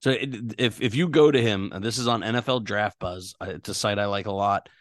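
A man co-hosting a sports podcast, relaxed and agreeable, asking his partner questions. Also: fairly low pitch, a little fast, no echo, studio quality. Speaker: podcast co-host. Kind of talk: casual sports chat.

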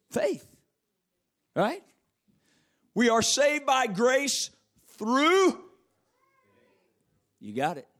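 A man with a notably high voice delivers a sermon, reading scripture aloud. He leans hard on repeated phrases and stretches key words for emphasis. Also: fairly bright tone. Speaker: preacher.

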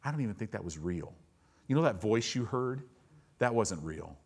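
A man acting out a sly male tempter devil within a sermon, his hissing whispers turning into shrill mocking taunts. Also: expressive, unhurried, gravelly, darkish tone, husky, exaggerated voice. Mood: whispering, sly. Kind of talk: acted quote within a sermon.

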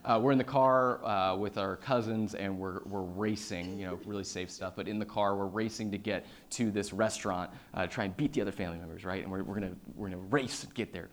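A man giving a personal storytelling talk on stage. He swings between loud, excited telling and hushed, quiet passages, with many fillers and repeated starts. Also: lowish voice, a little fast, few pauses. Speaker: public speaker.

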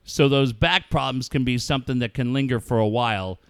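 Radio cohost guy, jokey, reads fake fan letters, smooth clean voice. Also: mid-range voice, a little fast, no room sound, studio quality. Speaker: radio show co-host. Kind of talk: casual talk with sponsor reads.

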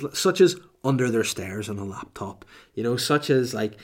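A young adult man with a Northern Irish accent, a comedian ranting to camera in a rambling, sweary way full of asides. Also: mid-range voice.

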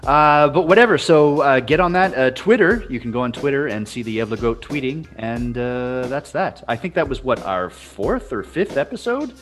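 A man's voice: mid-range voice, lively intonation, moderate pace, few pauses, fairly bright tone, faint music behind. A man hosting a casual podcast over a video call, rambling with fillers and restarts. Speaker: podcast host.

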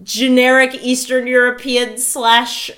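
A woman's voice: fairly high pitch, level tone, slow pace, a bit bright. A woman co-hosting a podcast, joking and teasing in casual chat.

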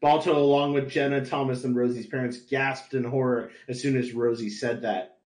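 A man narrates a story for his podcast in a plain, flat delivery, tripping over words. His voice carries a roomy echo. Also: medium pitch, moderate pace. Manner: flat reading with stumbles and laughs. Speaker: podcast host, reader. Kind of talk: comedic fan-story narration.

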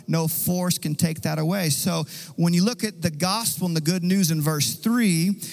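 A man's voice: fairly high pitch, moderate pace, gravelly, darkish tone, long reverb tail, soft background music, poor audio. A man preaching a sermon as pastor, earnest and conversational.

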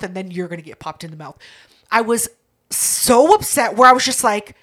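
A woman co-hosting a casual chat, telling profane, animated stories and breaking into loud laughs. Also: mid-range voice, moderate pace.

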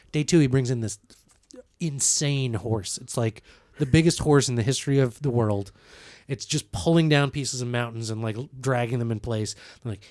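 A man hosting a casual comedic podcast, telling a long rambling story in an animated way. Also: medium pitch, moderate pace, dry recording, studio quality.

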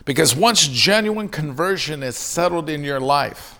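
A middle-aged male pastor preaching with earnest conviction, his voice gravelly with fry. He sits a touch higher than most men and often slips into acting out short quoted lines from his stories. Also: lively intonation, a little slow, pushed and bright. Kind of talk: sermon.

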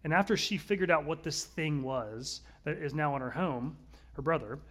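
A man, likely in his thirties, preaching a conversational sermon, earnest, swinging between louder and softer passages. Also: a little high, moderate pace. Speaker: pastor.

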